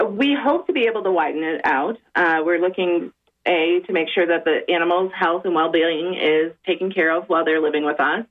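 Woman on a tinny phone line. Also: on the low side. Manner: measured, organized explanations. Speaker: university housing director. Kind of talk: phone interview. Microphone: telephone.

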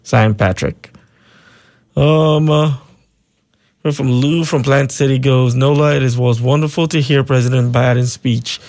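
A man hosting a call-in radio show, reading out listener texts and taking calls, relaxed and loose with frequent ums. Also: medium pitch, a little slow. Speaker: radio talk show host.

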